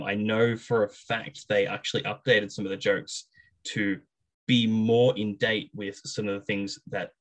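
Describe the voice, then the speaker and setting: A man's voice: lowish voice, low-quality recording. A man co-hosting a gaming show, chatting casually about a film with many fillers. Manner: relaxed, rambling with fillers. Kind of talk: casual review chat.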